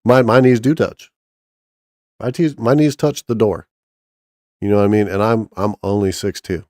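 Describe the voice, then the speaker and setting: A man's voice: fairly low pitch, fairly even intonation, moderate pace, darkish tone, dry recording, clean studio sound. A man casually chatting on a stream, rambling and joking crudely with lots of restarts. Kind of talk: casual profane chat with chat and co-host.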